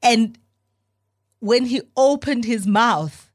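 A woman's voice: on the high side, takes it slowly, no room sound, clean studio sound. A woman co-hosting a radio show, telling stories playfully with laughs. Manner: playful, giggly storytelling. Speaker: radio co-host. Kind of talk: casual radio chat.

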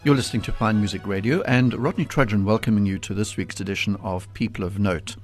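A man hosting a radio interview in a studio, asking polite, measured questions. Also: on the low side, music in the background. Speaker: radio host. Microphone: studio microphone. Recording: dry studio sound.

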